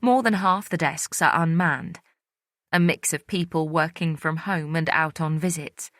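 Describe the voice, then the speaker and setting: A woman giving measured, introspective first-person audiobook narration on a close studio mic. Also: low voice, a bit bright, dry recording.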